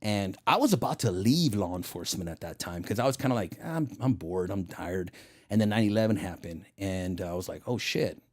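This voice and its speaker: Low in pitch and fairly brisk, this middle-aged man is a retired federal agent guesting in a relaxed interview. He brings his anecdotes to life by performing the dialogue in them.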